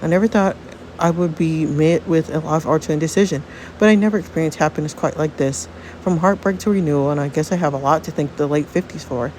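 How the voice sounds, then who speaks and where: A woman narrating a life-sim game story in a reflective, animated manner. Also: low voice, fast talker, slight background noise.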